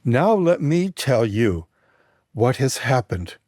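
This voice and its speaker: A man briefly voicing a proud, weary ancient warrior-hero in a slow, solemn declaiming tone. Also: mid-range voice, big pitch swings, a little mellow, no echo, clean studio sound.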